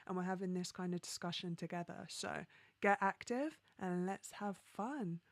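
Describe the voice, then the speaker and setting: A woman from London, hosting a casual livestream, reading viewer comments and chatting in an upbeat way, laughing often and filling pauses with ums. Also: fairly low pitch, no echo. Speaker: livestream host.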